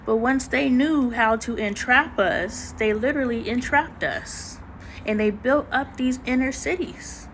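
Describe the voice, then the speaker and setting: A woman's voice: on the high side, a little slow, slight background noise, rough recording. A woman hosting a casual livestream chat, talking in a slangy, emphatic way with preachy asides and greeting viewers. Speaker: livestream host.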